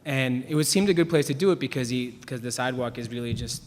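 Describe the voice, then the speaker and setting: Young male panelist, mid pitch, loose self-mocking storyteller, reverberant hall. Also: fast talker. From Chicago, US. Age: young adult. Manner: rambling, self-deprecating, restarts often, laughs at himself. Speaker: writer on a panel. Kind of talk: anecdotal storytelling. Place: event hall with an audience.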